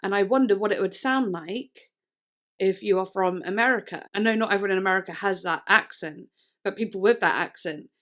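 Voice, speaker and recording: A woman's voice: medium pitch, brisk, fairly bright tone. A young woman from the UK with a British accent, chatting casually in a music reaction vlog, rambling and tripping over her words. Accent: British English. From United Kingdom. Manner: rambling, all over the place, trips over words. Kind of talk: casual chat.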